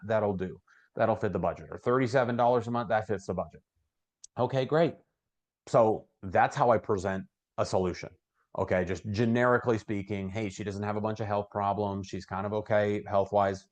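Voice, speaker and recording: A middle-aged man giving casual sales training, talking conversationally and acting out client conversations in a brighter voice. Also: on the low side.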